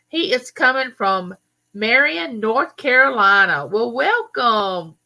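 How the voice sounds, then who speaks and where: A woman's voice: a little high, big pitch swings, takes it slowly, creaky, pushed and bright. A woman with a Southern US accent, from Mississippi, hosting a casual live chat and chattily greeting viewers by name. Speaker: livestream host.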